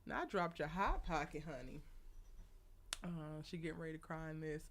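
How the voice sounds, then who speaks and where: A woman's voice: low voice, normal speed, a little hiss or hum. A young woman hosting a casual live stream, chatty and laughing often as she greets viewers by name. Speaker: live show host.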